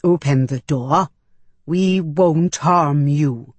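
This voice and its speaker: A woman voicing a cold, distrustful alien creature with a growling, slow and measured menacing delivery. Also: low-pitched, darkish tone, slightly rough, dry recording, heavily acted.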